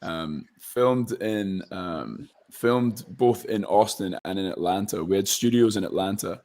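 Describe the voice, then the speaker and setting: A man's voice: deep voice, unhurried, a little mellow. A young man from Scotland, an actor chatting casually as an interview guest and rambling with fillers and restarts.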